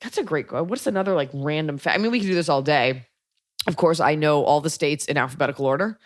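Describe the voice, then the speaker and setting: A woman's voice: deep voice, fast. A woman from Texas hosting a podcast, chatting casually in a rambling, wry and blunt way with lots of fillers. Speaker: podcast host.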